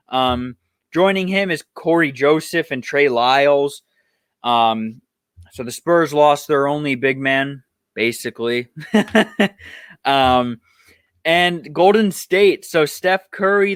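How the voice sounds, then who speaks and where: A young man hosts his own sports podcast, going on an exasperated, profane rant before he works through the news. His voice sits a little high. He is recorded close on a dry mic. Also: fairly bright tone, clean tone, no echo. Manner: heated, profane, exasperated ranting.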